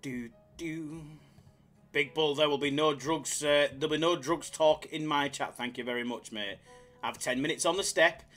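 A man with a bright, tense edge to a fairly high voice, chattering casually to a live chat. His banter is jokey and wound-up. Faint game music plays behind him. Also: moderate pace. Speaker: live slots streamer.

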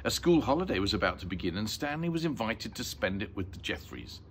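An older man reading a children's book aloud in an expressive, lilting way. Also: fairly low pitch, a little fast, a little hiss or hum. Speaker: storyteller.

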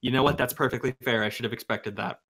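A man's voice: mid-range voice, steady tone, fast talker, sharp tone. A man narrating a tabletop game as game master, talking casually and hesitantly and laughing often.

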